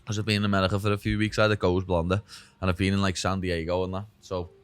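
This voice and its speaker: A man's voice: deep voice, little pitch movement, rapid-fire, clear, resonant tone, no echo. A young man from Liverpool with a Scouse accent, chatting as a podcast guest, dropping "lad" and "know what I mean" constantly. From Liverpool, England. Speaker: guest, UFC fighter. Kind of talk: casual chat.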